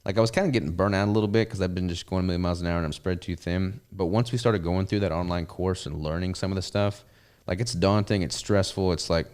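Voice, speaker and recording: Here a man with a Southern US accent hosts his podcast, talking about his business in a casual, rambling, easygoing manner. He speaks quickly, his voice low, steady, smooth and a touch mellow.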